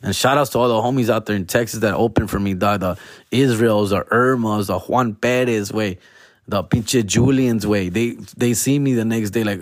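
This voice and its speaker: A young man telling a story in a casual, slangy monologue, now and then breaking into loud exaggerated whines. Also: fairly low pitch, moderate pace, no room sound, studio quality.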